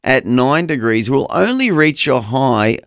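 A man's voice: medium pitch, big pitch swings, unhurried, fairly bright tone, no echo. A man co-hosting a breakfast radio show, upbeat, chatty and enthusiastic, on a studio microphone. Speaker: radio co-host. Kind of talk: casual breakfast radio chat.

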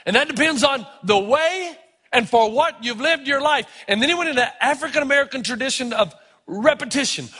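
A middle-aged man preaching a sermon, telling stories with animated, sometimes shouted emphasis. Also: extremely high pitch, fairly quick. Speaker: pastor. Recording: long reverb of a large hall.

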